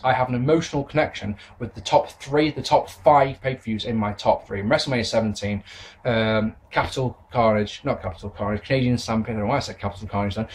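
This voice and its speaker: A man in his thirties giving a chatty, blunt video review, often restarting mid-sentence. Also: mid-range voice. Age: 30s. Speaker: wrestling reviewer, channel host.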